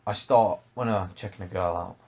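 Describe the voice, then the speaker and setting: A man's voice: sits low, normal speed, a little mellow. A young man co-hosting a casual podcast, chiming in with agreement and jokes. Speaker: podcast co-host.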